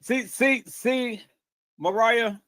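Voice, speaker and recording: A man's voice: very high voice, drawn-out words, fairly bright tone, no echo. A man hosting a livestream, talking heatedly with lots of stammered restarts and cursing. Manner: repetitive, stammering restarts, emphatic and profane. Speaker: livestream host.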